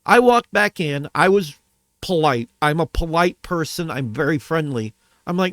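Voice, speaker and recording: A man's voice: sits high, lively intonation, moderate pace, fairly bright tone, no echo. A man venting to his camera about a bad restaurant visit, heated and profane, repeating himself as he goes. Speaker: vlogger. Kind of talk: angry rant to camera.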